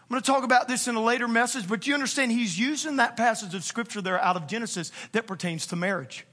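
A male pastor preaching a sermon with fervent emphasis, swinging from near-shouts to hushed, quiet appeals. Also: very high-pitched, fast talker.

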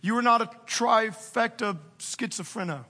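Bright-voiced, high-pitched male preacher. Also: normal speed. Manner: emphatic preaching, rising to shouts and dropping to hushed tones. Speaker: pastor. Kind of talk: sermon.

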